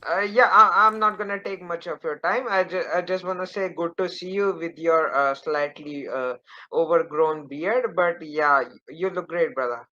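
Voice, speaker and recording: A slightly drunk man with an Indian accent calls in, his voice high and bright. He rambles and hesitates, filling every gap with "uh". The line comes through dull and lo-fi. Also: moderate pace. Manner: rambling, hesitant, many fillers. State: slightly intoxicated. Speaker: caller. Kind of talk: casual call-in chat.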